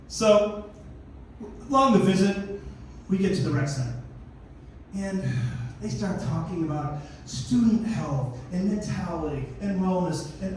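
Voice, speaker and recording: A middle-aged man doing a stand-up comedy routine on a theater stage, telling stories in an animated way and acting out the characters. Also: high-pitched, moderate pace, slight background noise. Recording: echoey theater from far off, faint ambience.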